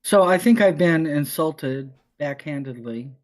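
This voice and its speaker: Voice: mid-range voice, expressive, a little slow. A co-host on a casual chat show who mostly adds short, teasing reactions and agreements.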